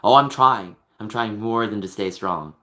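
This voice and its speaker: A man streaming live, venting in an emotional rant that swings from low muttering to a raised voice. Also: moderate pace, sharp tone.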